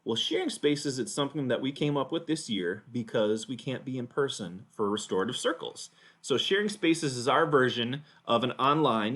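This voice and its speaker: A man's voice: medium pitch, a bit bright. A man, a teacher and puppeteer, explaining patiently in a children's puppet lesson.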